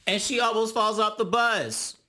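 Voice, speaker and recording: A man's voice: normal speed, sharp tone. Sassy, dramatic young man recapping reality TV. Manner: sassy, dramatic, mimics cast members in high voices. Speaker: YouTube reality TV reviewer. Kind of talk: casual commentary recap.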